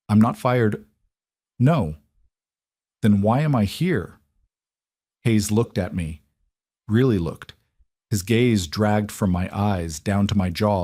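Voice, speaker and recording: A man narrating a first-person romance story in a steady, measured reading. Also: fairly low pitch.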